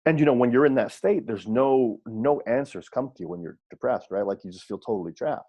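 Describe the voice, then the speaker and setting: A man giving an audio coaching seminar, repeating his points and checking in with listeners through quick rhetorical questions. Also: mid-range voice, warm tone, highs cut off. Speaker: wrestling coach.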